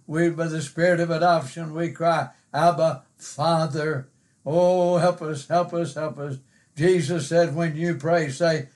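An older man preaching a devotional Bible lesson, leaning hard on key words and pausing with frequent fillers. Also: fairly high pitch. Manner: slow, drawn-out emphasis with many uh fillers.

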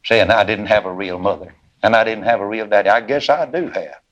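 A man's voice: fairly low pitch, a little fast, fairly bright tone, muffled recording. A man preaching a sermon, voicing a small boy who is upset and indignant. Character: hurt, worked-up little boy.

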